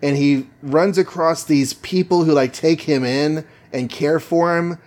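A man's voice: on the high side, fairly even intonation, measured pace, a little mellow. A man co-hosting a podcast, retelling a comic-book story in a jokey, chatty way with lots of fillers. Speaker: podcast co-host. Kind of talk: casual comic-book recap.

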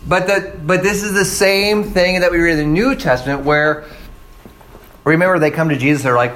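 A man preaching a sermon with a slightly higher voice than most men. He talks in a casual, conversational way, stops to ask "right?", and acts out quoted voices. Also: normal speed, fairly bright tone. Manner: checks in with "right?" and "okay?". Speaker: pastor.

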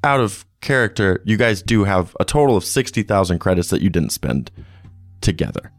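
A man narrating a tabletop role-playing game as game master, in a relaxed, descriptive way. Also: fairly low pitch, normal speed.

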